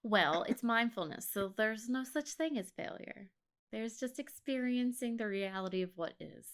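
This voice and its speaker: A woman co-hosting a podcast who chats casually and talks slowly and soothingly as she leads a guided meditation. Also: fairly high pitch, animated, a bit bright. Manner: slow, measured, soothing delivery. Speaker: podcast co-host.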